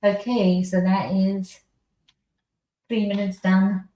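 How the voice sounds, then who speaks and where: A British woman from the United Kingdom vlogging a spicy food challenge, reading trivia aloud in a slow, halting way. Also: medium pitch, level tone, dark tone. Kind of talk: casual vlog talk, reading trivia aloud. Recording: echoey room.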